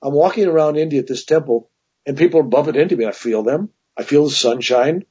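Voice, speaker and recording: A man's voice: on the high side, fast, darkish tone, breathy edge. A man casually telling a personal story as an interview guest, rambling, with many restarts and asides. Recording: dull lo-fi recording.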